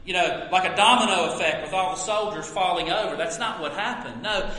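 Echoing, earnest male preacher. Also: a little high. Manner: earnest, with many questions to the listener, swinging from loud to soft. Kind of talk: sermon. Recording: roomy hall with long echo.

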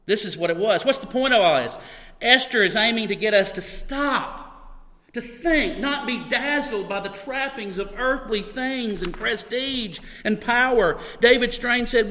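A man's voice: high-pitched, animated, moderate pace, pushed and bright. A man preaching a sermon to his congregation, telling stories with sudden bursts of emphasis. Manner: storytelling with bursts of emphasis and laughter. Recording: long hall reverb.

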